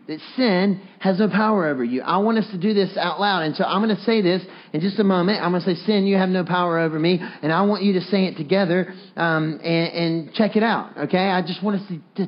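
A man's voice: high voice, muffled recording. A man preaching a sermon, coaxing his congregation to repeat a phrase back to him. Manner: leads the congregation in call-and-response, earnest and coaxing. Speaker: pastor.

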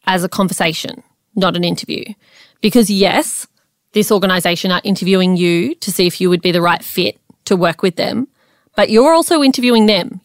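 A woman's voice: mid-range voice, dry recording, studio quality. A woman co-hosting a podcast, giving an earnest, coaching pep talk straight to listeners. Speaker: podcast co-host.

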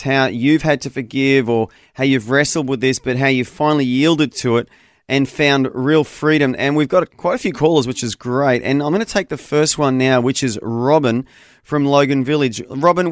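A man's voice: medium pitch, moderate pace, no echo, studio quality. A man hosting a Christian talkback radio show, taking callers in an earnest, encouraging, conversational way.

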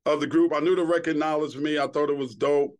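This fast-talking guest on a podcast is a middle-aged man from Queens, New York, who used to host TV, and his voice is fairly high. He trades casual, cuss-filled anecdotes with plenty of animation, voicing each quote himself.

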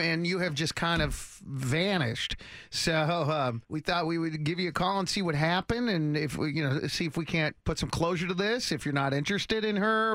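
A man hosting a morning radio show, upbeat and quick to laugh. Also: high-pitched, a bit bright, dry recording. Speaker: radio host.

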